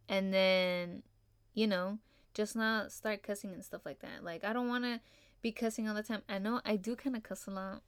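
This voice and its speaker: A woman's voice: medium pitch, fairly even intonation, brisk, clean tone, no room sound. Laid-back young woman hosting a podcast. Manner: laid-back, upbeat, heavy on fillers like "you know" and "like". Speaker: podcast host. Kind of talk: casual solo podcast talk.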